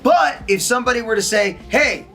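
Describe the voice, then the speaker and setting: Animated male acting instructor. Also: sits high, measured pace, faint music behind. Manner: animated, demonstrates tones and quizzes listeners. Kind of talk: recorded lesson to an audience.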